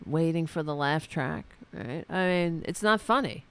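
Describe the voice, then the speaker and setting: A man's voice: a little high, lively intonation, fairly bright tone, smooth. A man hosting a solo political commentary show, ranting with sarcasm and profanity, often stopping and restarting his sentences. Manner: halting, with many restarts and fillers. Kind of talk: angry solo political rant.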